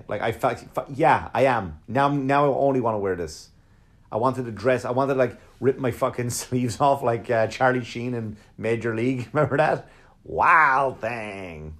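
A man, a comedian, telling a rambling, profanity-laced story in casual conversation, slipping into quick impressions of the people in it. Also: medium pitch. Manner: profane, rambling, mimics others in quotes.

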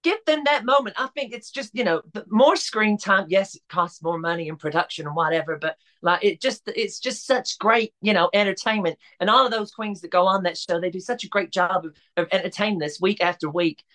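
A chatty woman talking casually on a podcast as a guest. She speaks in a relaxed, rambling way, with frequent fillers and restarts. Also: mid-range voice, fairly quick, hardly any pauses. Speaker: podcast guest, drag performer.

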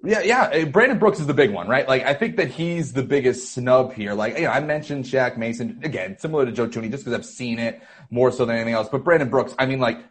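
A man from Boston talking sports as a podcast guest. He talks quickly, tumbling through fillers and asides, at an ordinary middle pitch. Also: slightly rough. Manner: quick and chatty, with lots of fillers. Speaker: guest writer. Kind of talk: casual chat.

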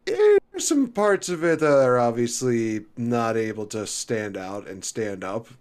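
A man's voice: medium pitch, very animated, measured pace, a little mellow, clear, resonant tone. A man in his twenties co-hosting a podcast in casual, chatty talk, laughing between remarks. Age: 20s. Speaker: podcast co-host. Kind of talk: casual chat.

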